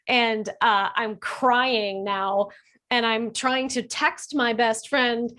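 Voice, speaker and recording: Chatty woman telling a personal story. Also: a little slow. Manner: chatty, laughs often, many fillers and restarts; animated, gets excited and high when reliving moments. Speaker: holistic healer. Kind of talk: casual personal storytelling to camera.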